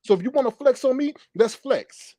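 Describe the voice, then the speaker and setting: A man's voice: very high-pitched, lively intonation, moderate pace, warm tone, no echo, clean studio sound. A man hosting a livestream, angrily ranting in a profane, repetitive way. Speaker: livestream host. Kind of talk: heated livestream rant.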